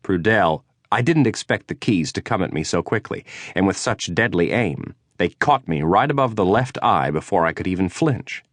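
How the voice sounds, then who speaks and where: Deep male narrator, dry understated wry read, close studio mic, no room sound. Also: lively intonation, moderate pace, dry recording. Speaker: audiobook narrator. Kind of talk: first-person audiobook narration.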